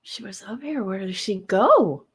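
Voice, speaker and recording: A woman's voice: medium pitch, expressive, a little slow, a bit bright, slightly rough. A woman hosting a livestream in casual chat, talking straight to her viewers and repeating herself as she goes. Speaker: livestream host.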